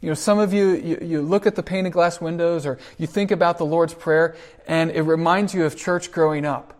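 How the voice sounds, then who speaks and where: Male pastor, sermon, earnest storyteller, slightly higher pitch. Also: steady tone. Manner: earnest storytelling, slows on key phrases.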